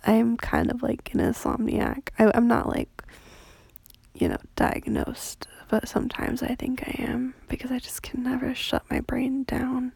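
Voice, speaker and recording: Sleepy congested woman rambling in a whisper, super husky and gravelly, slow. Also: steady tone, no room sound. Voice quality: deeper than usual. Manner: soft, rambling, many fillers. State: just woke up, sleepy; congested, nasal from a cold.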